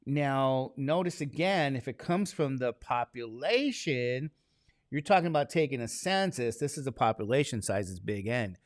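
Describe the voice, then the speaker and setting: A man's voice: medium pitch, expressive, moderate pace, dry recording, studio quality. A man teaching statistics to a classroom, talking casually and constantly quizzing his students with questions. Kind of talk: classroom lecture.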